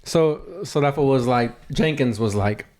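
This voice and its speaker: A man co-hosting a podcast, telling a story in casual chat, acting out other people's lines with sudden jumps in pitch and lots of swearing. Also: measured pace, a little hiss or hum. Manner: animated, acts out quotes with big pitch jumps, swears a lot. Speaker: podcast co-host.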